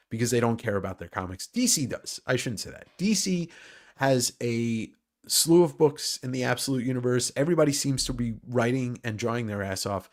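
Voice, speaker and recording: A man hosting a casual livestream chat about comics who rambles, jokes and swears freely. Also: mid-range voice. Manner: rambling, joking, profane. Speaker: host.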